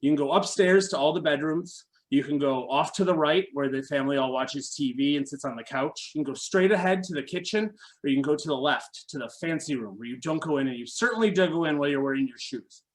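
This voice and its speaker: Animated male storyteller. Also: on the high side, quick pace, few pauses. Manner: wry, animated, acts out the voices of others. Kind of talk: live storytelling.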